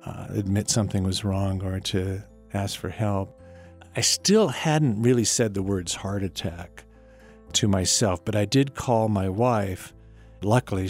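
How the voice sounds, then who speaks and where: A man telling a personal story in an unhurried, wry way, with small quiet laughs between lines. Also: fairly low pitch. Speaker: storyteller guest. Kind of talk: personal story told to an interviewer.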